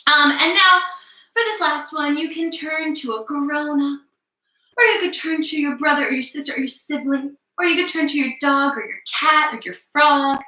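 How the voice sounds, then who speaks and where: A woman with a high, very bright voice leads small children through circle time over a webcam. She speaks softly and playfully, slowing down for affirmations she wants them to repeat. The room sounds echoey. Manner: soft, encouraging and playful, with slow spoken affirmations. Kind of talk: gentle lesson for young children.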